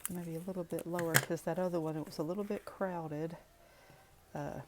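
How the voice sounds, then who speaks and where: A woman's voice: fairly low pitch, fairly even intonation, normal speed, heavy background noise. A woman with a Southern US accent talking through a card-making craft tutorial in a chatty, folksy way, full of rambling asides.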